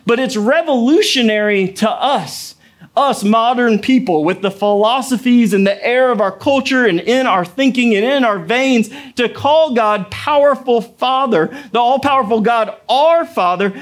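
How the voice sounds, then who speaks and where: High-voiced pastor preaching casually. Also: male voice, normal speed. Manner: conversational storytelling with playful asides. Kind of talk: sermon.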